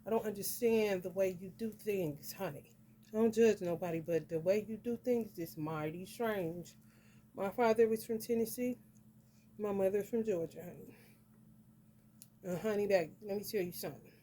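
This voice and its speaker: Woman, mellow voice, blunt, cussing, says honey a lot, casual vlog rant. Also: mid-range voice, normal speed, slight background noise. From northern United States. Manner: blunt and profane, calls listeners honey. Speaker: astrology reader.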